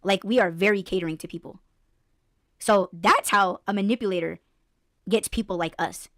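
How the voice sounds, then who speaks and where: A woman's voice: medium pitch, moderate pace, no echo, studio quality. A woman hosting a podcast, telling a story in blunt, profane casual chat. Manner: blunt, profane, animated storytelling with mock voices. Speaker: podcast host.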